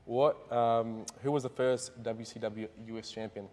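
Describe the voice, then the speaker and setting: A man's voice: medium pitch, fairly even intonation, darkish tone, big-room sound. A man hosting a casual interview, running a timed quiz with short, laid-back replies. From Australia. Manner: quick, laid-back, lots of short affirmations. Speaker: host and quiz master.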